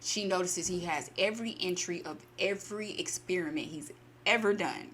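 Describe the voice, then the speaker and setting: A story channel host casually retells a short story in her own words, chatty and full of fillers, acting out the characters' lines with quoted asides. Her voice is lowish and fairly bright at a normal speed, with a little hiss or hum.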